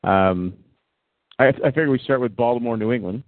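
A man's voice: medium pitch, fairly quick, no room sound. Rambling man hosting sports talk, tinny line. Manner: rambling, many restarts and fillers. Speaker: podcast host. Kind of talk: casual sports chat.

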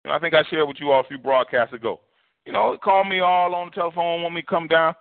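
A man's voice: on the high side, fast talker, creaky. A man preaching a sermon as pastor, colloquial and preachy. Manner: preachy, colloquial, animated with put-on voices. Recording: tinny phone-like broadcast audio.

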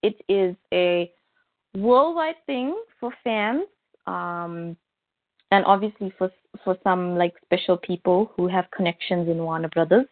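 Woman podcast cohost telling a story, animated, tinny phone sound, dry. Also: fairly low pitch, measured pace, no room sound. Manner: animated storyteller, acts out quotes. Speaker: podcast co-host. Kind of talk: casual chat.

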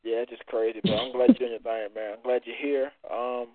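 A man's voice: medium pitch, fairly even intonation, a little fast, dry recording. A man hosting a call-in show with casual, exclamatory, hyped banter. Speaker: host. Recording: phone line.

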